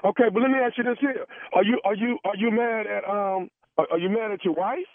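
A man's voice: sits high, quick pace, no room sound. A man making a prank phone call, stammering and pleading as he plays a valet manager. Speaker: prank caller. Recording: tinny phone line.

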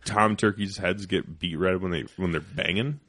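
A man with a very low, deep voice tells a story on a casual podcast. He is animated and swears a lot, and he drops to a hushed whisper when he quotes himself. The sound is close and dry, with no room around it. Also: moderate pace, no echo. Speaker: podcast host.

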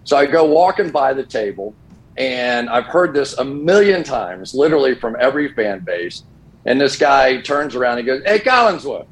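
An older man talking in a medium voice, a football broadcaster who tells his stories with animated, swooping pitch and acts out every quoted line. He sounds like a guest on a remote call with a sports talk show. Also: moderate pace, rough recording.

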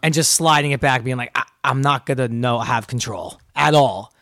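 A man's voice: medium pitch, moderate pace, a bit bright, no echo, clean studio sound. A young man, an actor guest, telling stories in a laid-back, wry way. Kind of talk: casual chat.

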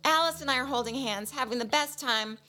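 A woman co-host telling a lively story in casual chat, acting out the voices of people in it with self-mocking humor. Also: sits high, fairly quick. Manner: animated, acts out voices of people in her story.

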